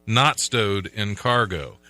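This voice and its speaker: A man's voice: lowish voice, lively intonation, slow, bright, forceful tone, dry recording, faint music behind. A man hosting a casual podcast, reading odd news stories aloud and laughing often. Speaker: podcast host.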